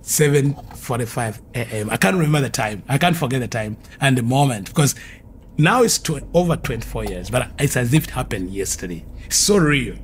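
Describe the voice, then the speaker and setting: A man tells his conversion story in an earnest, vivid way, coming back to the same phrases for emphasis. His voice sits at a middle pitch, and there is a faint hiss behind it. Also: lively intonation, a little fast. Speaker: former occultist giving testimony. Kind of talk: personal testimony storytelling.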